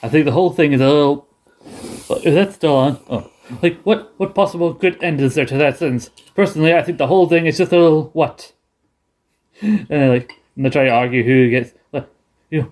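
A man's voice: on the high side, brisk, a little mellow. A man hosting a casual chat, rambling through his favourite TV episodes, laughing often and trailing off mid-sentence. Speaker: podcast host.

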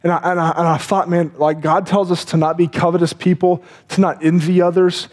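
A man's voice: high voice, level tone, brisk, darkish tone. A man preaching a sermon in an earnest, conversational way, often repeating words and acting out people's inner thoughts.

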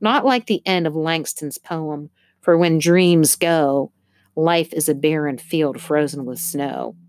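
A woman's voice: low-pitched, expressive, a little slow, a little mellow, slight background noise. A woman reading aloud, voicing a determined young girl who talks to herself fiercely. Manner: fierce, urgent inner talk.

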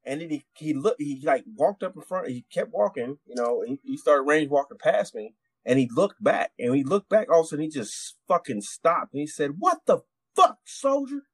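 A man's voice: fairly high pitch, lively intonation, normal speed, hardly any pauses, breathy edge, no echo. A man, a military veteran, tells a war story on a podcast in a rambling, profane way, with many restarts. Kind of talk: casual storytelling.

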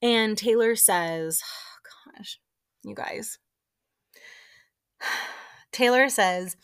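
A young woman hosting a podcast, recapping a show in animated, gossipy casual chat full of fillers. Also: lowish voice, unhurried, long pauses.

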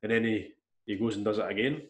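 A man telling a long story in casual chat, rambling and animated, with restarts and swearing. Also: fairly low pitch, fast. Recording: echoey room.

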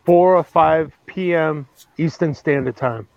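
A man with a Boston accent calls in, his voice a touch high and blunt. The call audio is dull and lo-fi, with a dry sound and no room echo. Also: measured pace, gravelly, darkish tone. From Massachusetts. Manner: blunt, plain-spoken. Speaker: caller, field reporter. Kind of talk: casual phone-in report.

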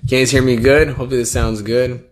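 A man's voice: mid-range voice, flat delivery, fast talker. A young man from the United States hosting a casual podcast on a live stream, rambling and joking with slang and swearing. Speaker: podcast host.

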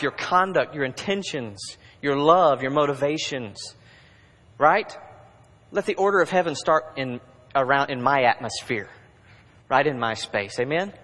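A man's voice: a little high, animated, unhurried. Preaching man in a reverberant hall. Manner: conversational preaching, swinging between urgent bursts and hushed asides. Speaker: pastor. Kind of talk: sermon. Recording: long reverb of a large hall.

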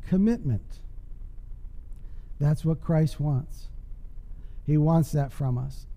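Preacher, male, high mellow voice, emphatic sermon, church hall echo. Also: slow. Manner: emphatic, call-and-response preaching. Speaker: pastor. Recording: long hall reverb.

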